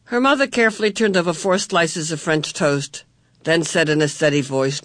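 Measured audiobook narrator. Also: mid-range voice, fairly bright tone, dry recording, clean studio sound. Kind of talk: scripted narration.

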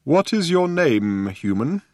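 A man voicing a weary, gentle old male alien planet-builder who speaks slowly and gravely. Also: a little high, big pitch swings, no echo, clean studio sound, pitched above the performer's own voice. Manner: slow, grave, wistful.

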